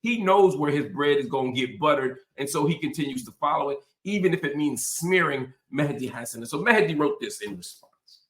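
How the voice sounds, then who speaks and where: A man's voice: a little high, animated, fairly quick, hardly any pauses. A man hosting a political commentary monologue, talking in emphatic, impassioned punches. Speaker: host.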